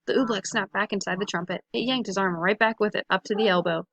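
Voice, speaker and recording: A woman's voice: mid-range voice, quick pace, few pauses, fairly bright tone, no room sound, dull audio. A woman reading a children's storybook aloud to listeners, giving each character a voice of its own.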